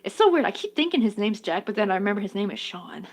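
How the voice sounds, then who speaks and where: A woman's voice: medium pitch, big pitch swings, fast. A woman chatting casually and giggling while she crochets on her vlog. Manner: chatty, giggly, talks to her work and to chat. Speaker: crochet vlogger.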